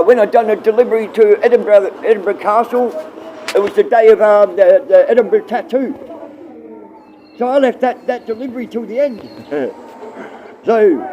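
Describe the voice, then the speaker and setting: A man's voice: sits high, mellow, a little hiss or hum. A middle-aged man livestreaming, rambling and swearing casually as he answers his viewers.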